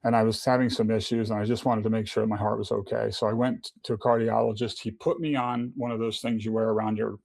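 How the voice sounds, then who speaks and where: Guest testimony: middle-aged man, low gravelly voice, earnest, restarts a lot. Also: little pitch movement, quick pace, few pauses, darkish tone, no echo. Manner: earnest, with many restarts and repeated words. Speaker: podcast guest. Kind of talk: personal testimony in casual conversation.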